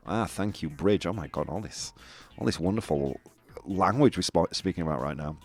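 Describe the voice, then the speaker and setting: Male stream host, chatty and self-mocking, animated delivery, dry booth sound. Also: deep voice, measured pace, pauses often, dry recording. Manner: chatty, self-mocking, reads out chat messages. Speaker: live-stream show host. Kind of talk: casual live-stream chat.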